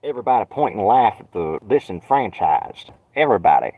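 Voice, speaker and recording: A young man rambling on a solo live stream from his van, sarcastic and swearing, with dark jokes. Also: fairly low pitch, very animated, fairly quick, dry recording, phone-quality sound. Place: inside a van. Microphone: phone.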